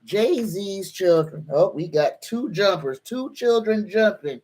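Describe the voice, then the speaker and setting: Slow-talking woman tarot reader. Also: medium pitch, animated, a little mellow. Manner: chatty, greets viewers by name, invokes spirit guides. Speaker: psychic tarot card reader. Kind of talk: live-stream tarot reading and chat.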